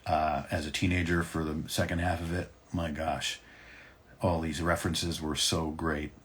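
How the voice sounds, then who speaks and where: A man in his fifties with a very deep, husky voice, chatting casually with fans on a livestream. He rambles along relaxed, with plenty of ums and uhs between thoughts. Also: moderate pace. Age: 50s. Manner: relaxed, rambling, many fillers. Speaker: voice actor hosting a fan Q&A.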